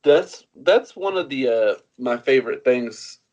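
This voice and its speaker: A man's voice: medium pitch, animated, a little slow, darkish tone. A man hosting a podcast interview who speaks in a hesitant way, with lots of fillers. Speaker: podcast host. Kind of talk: casual interview. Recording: dull lo-fi audio.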